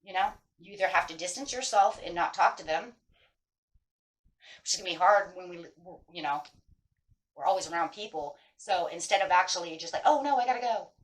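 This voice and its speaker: Tarot lady, kinda low voice, casual and earnest, says "right?" a lot. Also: brisk, poor audio. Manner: keeps checking in with "right?"; earnest, emphatic, repeats key phrases. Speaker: tarot reader. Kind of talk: casual spiritual advice talk.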